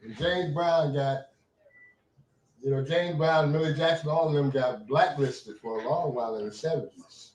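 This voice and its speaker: Casting: older man, slightly high voice, swearing, storytelling host, echoey room. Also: normal speed. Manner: rambling, animated anecdotes with profanity. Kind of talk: casual storytelling chat.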